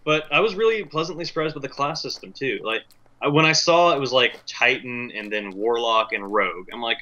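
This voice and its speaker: A young American man chatting on a podcast, teasing his friends in a dry, deadpan way. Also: medium pitch, a little fast. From United States. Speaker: podcast co-host. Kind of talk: casual chat. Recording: dull lo-fi mic.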